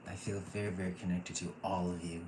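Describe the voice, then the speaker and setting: A man in his thirties teaching a casual online intuition class, gushing and excitable and often laughing. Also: low-pitched, fast. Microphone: computer mic, off camera. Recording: echoey room with faint noise.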